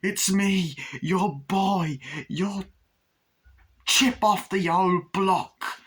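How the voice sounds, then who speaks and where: Man doing a squeaky, pleading doll boy, bright and eager. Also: drawn-out words, husky, heavily acted. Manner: pleading and high-pitched. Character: young male doll son, eager to please his father.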